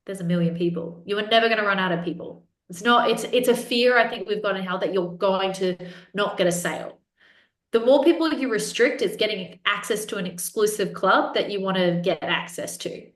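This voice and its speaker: A woman's voice: medium pitch, fairly quick, echoey room, far from the mic. A woman guest on a business podcast, talking bluntly and emphatically and swearing freely. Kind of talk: animated interview talk.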